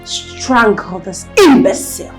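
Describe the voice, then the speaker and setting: A Nigerian woman playing a cruel, scheming young wife who taunts her victims in a drawn-out, mocking way. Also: medium pitch, big pitch swings, music in the background. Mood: commanding. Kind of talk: Nollywood film acting.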